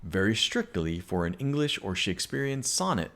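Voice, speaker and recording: Man, low voice, english teacher, patient explaining, reads poems aloud, some ums. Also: sing-song, unhurried, few pauses. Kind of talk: recorded online lesson.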